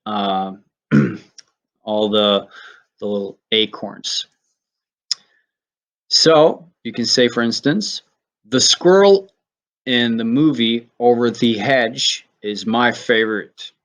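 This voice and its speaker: A man from Sweden teaching English pronunciation, saying each word slowly and carefully and then using it in example sentences. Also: medium pitch, fairly bright tone. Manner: slow, careful word-by-word demonstration. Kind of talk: pronunciation lesson.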